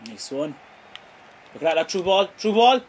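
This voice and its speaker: Young irish guy doing let's-play commentary, bit high pitched, cursing loads, gets loud when stuff happens. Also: moderate pace. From Ireland. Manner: excitable, heavy swearing, shouts at big moments. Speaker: gaming YouTuber.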